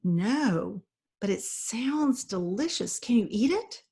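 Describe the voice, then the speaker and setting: A woman's voice: fairly high pitch, sing-song, takes it slowly, warm tone, exaggerated voice. Woman voicing Sam, an eager stray dog. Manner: earnest and plain-spoken, short eager sentences. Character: eager, simple-minded stray male dog.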